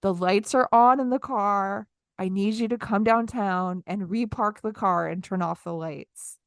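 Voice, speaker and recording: A woman's voice: medium pitch, a little slow, smooth, dry recording, studio quality. A woman in her thirties, co-hosting a podcast, telling a story in casual chat and acting out her own lines. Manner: animated, acts out her own lines in quotes. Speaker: podcast co-host.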